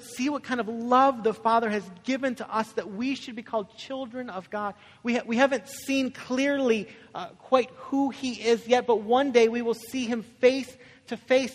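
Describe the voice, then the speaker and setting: This young Michigan pastor has a very high-pitched voice with fairly even intonation and a moderate pace. His sermon is conversational, full of stories and frequent "right?" questions, recorded in an echoey hall with long reverb.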